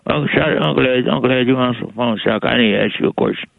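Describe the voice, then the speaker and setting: A man's voice: mid-range voice, rapid-fire, creaky. A man voicing a hapless, rambling caller who stammers and repeats himself, panicking about going to jail. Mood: worried. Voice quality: whiny, drawling, rambling. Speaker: regular caller character. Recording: dry tinny phone line.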